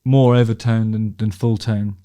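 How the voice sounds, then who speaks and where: A man's voice: lowish voice, fairly even intonation, moderate pace, warm tone. Chatty man swearing through a reaction. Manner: chatty, swears freely, frequent restarts, laughs along. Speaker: music commentator reacting to concert footage. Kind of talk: casual reaction commentary.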